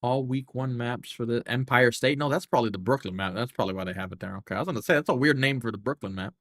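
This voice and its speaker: Talking fast in a medium-pitched, slightly bright voice with no echo, a young man streams a game live. He chats casually and curses, rambling and thinking aloud as he works through the menus.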